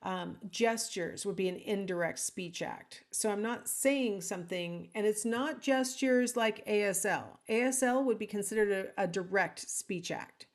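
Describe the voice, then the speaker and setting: A woman's voice: mid-range voice, unhurried, hardly any pauses. A woman instructor giving a casual, conversational recorded lecture, with frequent ums and asides to the listener. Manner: acts out example lines in different intonations. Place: alone at home or office, speaking to a recording.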